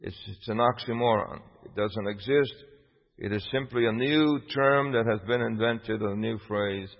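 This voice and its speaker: A man's voice: medium pitch, moderate pace. A man preaching a sermon emphatically, putting rhetorical questions to his listeners. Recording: dull lo-fi with long hall reverb.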